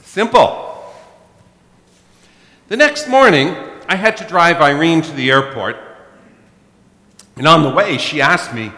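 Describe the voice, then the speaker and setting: Middle-aged preacher, slow and bright, lively pitch, self-mocking storyteller, echoey church. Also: male voice. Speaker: pastor. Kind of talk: sermon.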